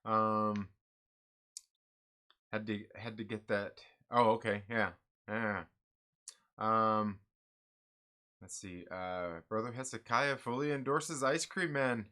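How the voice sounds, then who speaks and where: Man, comic channel host, casual live-stream chat, upbeat, rambling, lots of fillers, bright tense tone. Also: fairly low pitch, slow, pauses often.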